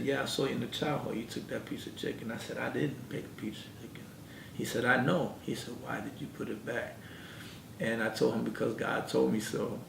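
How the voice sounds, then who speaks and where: A man as an interview guest, earnestly telling his life story and acting out the dialogue in it. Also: gravelly. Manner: earnest storyteller who acts out quoted dialogue. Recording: echoey room, mic at a distance, background rumble.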